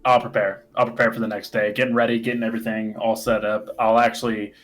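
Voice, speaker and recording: A man's voice: on the low side, little pitch movement, fast talker, soft background music, rough recording. Een man die losjes en aarzelend zijn acties beschrijft in een rollenspel, met zachte muziek erachter. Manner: casual, rambling and hesitant. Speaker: player. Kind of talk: casual tabletop play.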